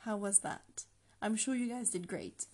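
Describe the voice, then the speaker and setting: A woman teaching a language lesson on a podcast, patient and slow, breaking phrases down for the listener to repeat. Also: mid-range voice, expressive, a little mellow.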